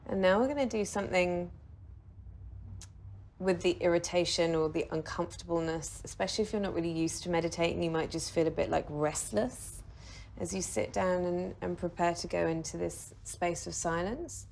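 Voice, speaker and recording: A woman's voice: fairly low pitch, normal speed, vocal fry, darkish tone, a little hiss or hum. Chatty woman leading meditation. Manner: chatty, laughing, swears casually. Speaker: meditation teacher. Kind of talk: casual guided meditation. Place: video shoot with a videographer.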